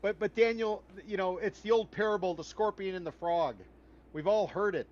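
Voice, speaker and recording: A man with a high, lifted voice argues his point bluntly and emphatically, with a folksy turn of phrase. The sound is a little dull and lo-fi, like a podcast debate. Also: normal speed, a little mellow. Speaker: podcast host.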